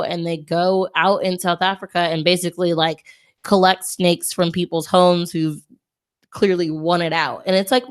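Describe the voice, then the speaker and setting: Chatty woman co-hosting a podcast. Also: fairly low pitch. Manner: chatty, drifts off topic. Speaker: podcast co-host. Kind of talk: casual chat.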